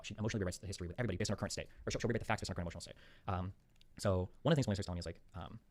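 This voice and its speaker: A man in a casual monologue, recounting an argument and acting out both sides, with lots of "like" and "um.". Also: sits low. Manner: rapid rambling retelling, acting out both sides, full of "like" and "um".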